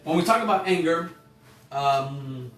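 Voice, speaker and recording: Animated and a little slow, a man with a fairly high, slightly bright voice teaches an online emotional intelligence class. His informal delivery rambles, with self-corrections and questions aimed at listeners. The room echoes, faint music plays, and he's a bit distant from the mic.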